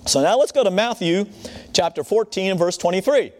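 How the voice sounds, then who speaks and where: Male preacher, sermon, chatty, checks in often, slightly high voice, reverberant hall. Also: big pitch swings, fairly quick, a little mellow. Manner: conversational, checks in with "Okay?".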